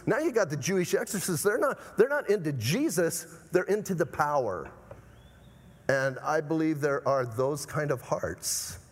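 Emphatic preacher in a reverberant hall. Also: male voice, on the high side. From Arizona, USA. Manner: emphatic, repeatedly urging "listen". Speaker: pastor. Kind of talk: sermon.

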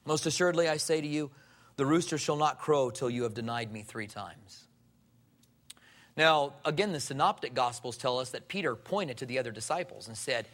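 A male pastor delivers a sermon from the pulpit. His voice sits slightly higher than most men's. He talks in an animated way and briefly acts out the people he quotes. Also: brisk.

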